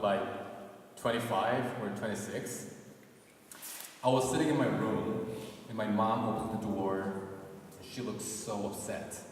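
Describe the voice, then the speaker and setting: A man's voice: lowish voice, far from the mic, slight background noise. Young man telling a story in an echoey hall. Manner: casual, conversational, many "like" fillers. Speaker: performance artist. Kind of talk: live storytelling performance. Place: gallery performance space.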